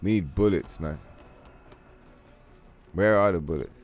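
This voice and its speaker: A man with a deep voice talks unhurriedly during a casual gaming livestream, cursing, laughing, and drifting into long comparisons. Soft music plays behind him.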